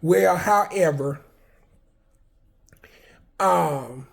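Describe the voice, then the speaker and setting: A man from Arkansas, casually telling personal stories in a flamboyant, animated, profane way. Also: on the high side, very slow, vocal fry. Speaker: vlogger.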